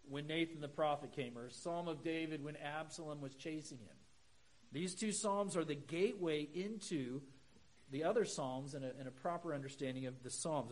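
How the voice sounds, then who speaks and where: A middle-aged man preaching a sermon, easy and conversational, dropping in humorous asides before climbing to emphatic points. His voice sits a little above the usual male pitch. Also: low-quality recording. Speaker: pastor.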